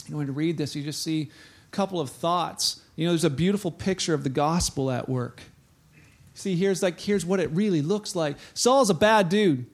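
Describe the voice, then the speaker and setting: A pastor preaching a sermon in a conversational, animated way, speaking straight to his congregation. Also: fairly high pitch, normal speed.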